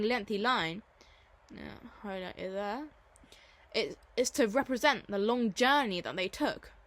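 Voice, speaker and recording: Woman teacher, casual revision lesson, enthusiastic and repetitive, slightly higher voice. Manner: chatty, enthusiastic, repeats key terms. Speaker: Latin teacher. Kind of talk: informal exam-revision lesson.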